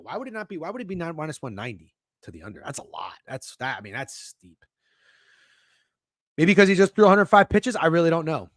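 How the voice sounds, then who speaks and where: A young man hosting a sports betting livestream, talking casually and excitably, swearing often and restarting his sentences. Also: a little high, dry recording, studio quality. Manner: excitable, profane, rambling with frequent restarts. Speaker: sports betting show host.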